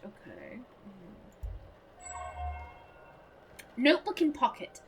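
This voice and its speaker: A woman gamer giving casual gameplay commentary, chatty and self-mocking, thinking out loud as she reads clues. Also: fairly high pitch, very animated, takes it slowly, pauses often, a little hiss or hum. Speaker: let's play gamer.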